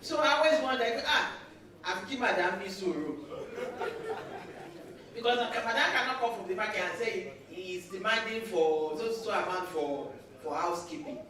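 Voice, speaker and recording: A Nigerian woman giving a measured tribute to a colleague, pausing often with fillers. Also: medium pitch, a crowd in the background. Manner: measured, halting, with many pauses and fillers. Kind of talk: formal tribute speech. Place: large echoey lecture hall. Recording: echoey hall, distant mic, faint noise.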